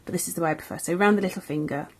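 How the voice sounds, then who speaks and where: In a lowish voice and at a very fast clip, a young Englishwoman who designs crochet walks beginners through a casual tutorial. She's friendly and talkative and keeps correcting herself mid-explanation.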